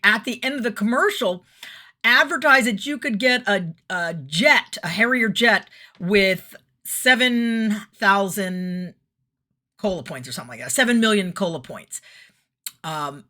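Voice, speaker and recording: Chatty middle-aged woman vlogger, bright forward tone, storyteller who laughs a lot. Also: mid-range voice, animated, a little slow. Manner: chatty, laughs often, acts out quotes. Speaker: vlogger giving weekly messages. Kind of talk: casual storytelling monologue.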